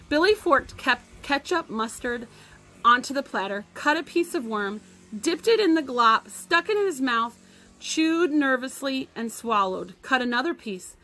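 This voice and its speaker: A woman's voice: high-pitched, a little slow, low-quality recording. Woman teacher reading a story aloud. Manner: expressive, lively storytelling. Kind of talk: reading a novel aloud to a class.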